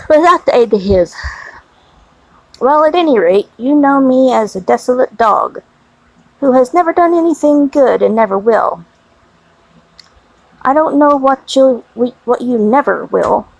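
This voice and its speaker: A woman reading the part of a weary, self-loathing young gentleman, with a resigned, self-deprecating delivery. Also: fairly high pitch, gravelly, no room sound, exaggerated voice, rough recording.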